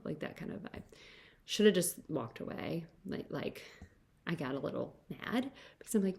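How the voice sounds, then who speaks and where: A woman's voice: deep voice, moderate pace, creaky. A young adult woman hosting a podcast, telling a casual story and filling nearly every phrase with "like.". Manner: chatty, fills every phrase with "like". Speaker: podcast host.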